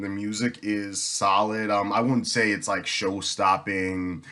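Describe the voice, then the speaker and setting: A man with a fairly low voice talks through a movie review in a loose, unscripted way. He stops and restarts often and fills the gaps with ums as he hunts for words. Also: a bit bright. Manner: halting, many ums and restarts. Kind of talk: casual spoken movie review.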